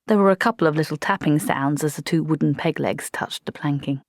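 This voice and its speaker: A woman reading a comic fantasy audiobook in a steady, measured way. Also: sits low, no room sound, clean studio sound. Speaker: audiobook narrator. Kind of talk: scripted narration.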